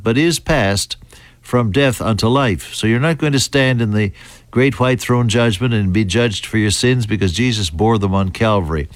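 American male Bible teacher, mid-pitched, deliberate delivery with restarts, dry close sound. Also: no echo. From United States. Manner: deliberate, halting, with fillers and restarts. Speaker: preacher.

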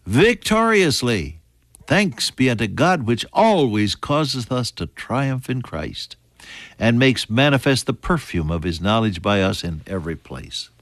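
Older man, pastor, sermon, medium pitch, soft to loud swings, dry sound. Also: no echo. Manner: swells loud on scripture and drops to near whispers.

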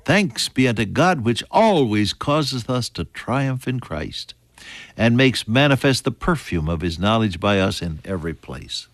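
A man preaching a sermon, earnest, building to emphatic high points and then falling soft and hushed. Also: big pitch swings, unhurried, dry recording.

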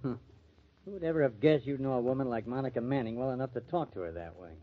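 An actor playing a glib, fast-talking press agent in a 1940s radio drama. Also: male voice, medium pitch, natural voice. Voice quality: glib, coaxing. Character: breezy, fast-talking male press agent, young adult. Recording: muffled old radio recording.

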